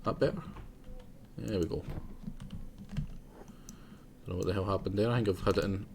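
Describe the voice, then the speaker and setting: A man's voice: fairly low pitch, moderate pace, creaky, background noise. A young man rambling casually through live gameplay commentary, chatting to himself and laughing often. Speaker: game streamer.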